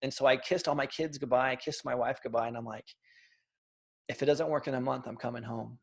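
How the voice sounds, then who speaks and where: A man in his thirties, an interview guest, telling his own story in a lively, animated way and acting out the quotes. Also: mid-range voice, fairly quick, gravelly, breathy edge. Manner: animated storyteller, acts out quotes, frequent restarts.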